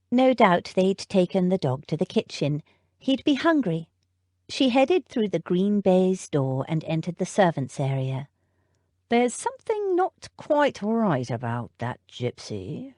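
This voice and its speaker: A woman narrating an audiobook in an expressive, storytelling manner. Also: lowish voice, dry recording, studio quality. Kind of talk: scripted narration.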